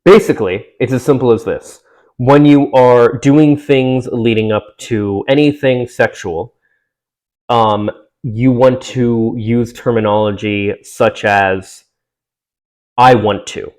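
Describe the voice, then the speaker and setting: A man's voice: medium pitch, takes it slowly, darkish tone, poor audio. A young man reacting to an article he reads aloud, sarcastic and exasperated, swearing often. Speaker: commentator.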